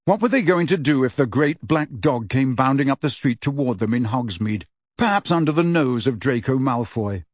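A man reads a novel aloud in a steady, measured way, his voice mid-pitched and husky. The recording is completely dry and close, with nothing around it. He keeps an even storytelling flow throughout. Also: no room sound. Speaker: audiobook narrator. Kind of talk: scripted narration.

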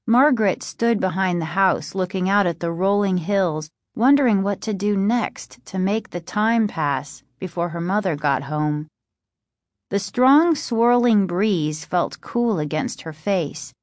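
A woman narrates a chapter book in a steady, even storytelling voice. Her pitch sits in the middle range for a woman. The recording is close and dry. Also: measured pace, dry recording. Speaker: audiobook narrator. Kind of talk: scripted narration.

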